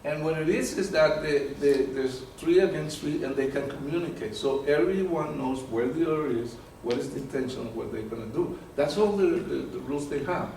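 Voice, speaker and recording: A man lectures to a small audience, his voice somewhat high for a man and lively, with frequent restarts as he hunts for the right word. He is picked up from a distance, so the sound is very echoey and carries faint room hiss. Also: normal speed, vocal fry, few pauses. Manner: animated, repeats words while searching for terms. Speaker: presenter. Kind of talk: live lecture with audience questions.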